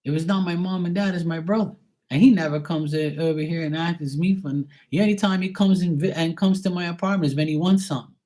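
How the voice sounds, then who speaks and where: A man's voice: a little high, fast talker, a little mellow. A man in a rambling personal rant, swearing often and repeating himself heatedly. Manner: profane, heated and repetitive. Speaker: vlogger.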